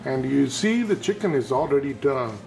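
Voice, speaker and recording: In a mid-range, gravelly, slightly mellow voice with big pitch swings, a man guides viewers through a recipe at a moderate pace, giving times for each step and repeatedly urging caution in the home kitchen. Faint music plays behind him, and the room is echoey with faint noise.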